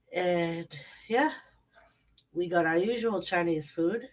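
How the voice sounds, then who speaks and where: A woman's voice: fairly low pitch, takes it slowly, pauses often, recorded from a distance. A woman, chatting casually on a late-night livestream and greeting viewers by name. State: stuffy nose. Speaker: channel host. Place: home at night.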